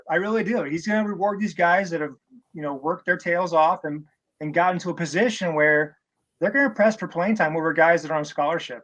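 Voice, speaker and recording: A man co-hosting a sports podcast in casual chat, earnestly thinking out loud. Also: a little high.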